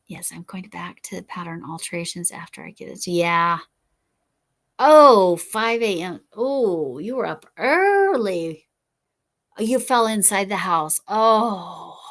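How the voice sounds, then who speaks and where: A middle-aged woman with a slightly low voice chats casually on a crochet livestream. She rambles from one thought to the next, reads out viewer comments and apologizes often. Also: fairly bright tone. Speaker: livestream host. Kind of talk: casual chat while crocheting.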